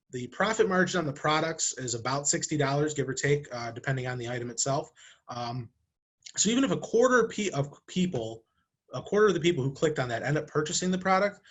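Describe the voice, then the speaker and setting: A man's voice: mid-range voice, expressive, brisk, a bit bright. A man, a marketing director, talks to camera in a conversational way, asking rhetorical questions and acting out short examples. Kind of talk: talking-head marketing video. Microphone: camera, speaking to camera.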